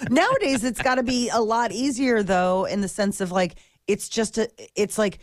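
A woman's voice: a little high, moderate pace, hardly any pauses, dry recording, studio quality. A woman co-hosting a morning radio show, chatting casually with a lot of giggles and trailing fillers. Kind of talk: casual on-air banter. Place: radio studio.

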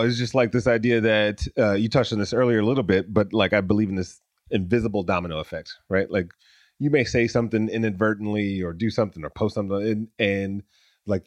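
A male podcast host with a low voice, talking casually. He jokes and rambles, full of fillers. The recording is dry and close. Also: no room sound. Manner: quick, joking, rambling with fillers. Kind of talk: casual conversation.

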